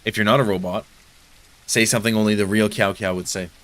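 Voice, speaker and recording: A young Canadian man with an East Coast accent, chatting fast and jokingly with viewers while he streams a game, full of slang and banter. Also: lowish voice, fairly even intonation, fairly bright tone. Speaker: livestream gamer. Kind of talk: casual chat with chat while gaming.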